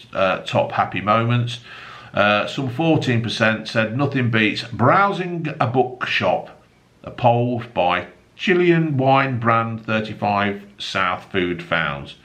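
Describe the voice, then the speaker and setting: A man's voice: medium pitch, bright, forceful tone. A man casually reading out newspaper stories, breaking off into crude, mocking rants with heavy swearing. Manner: swears heavily, mocking asides. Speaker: newspaper review host.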